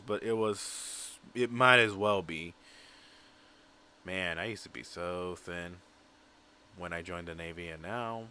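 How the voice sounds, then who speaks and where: A man's voice: low voice, pushed and bright, slight background noise. A young man giving casual, candid reaction commentary, joking and swearing freely. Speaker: streamer reacting to a documentary.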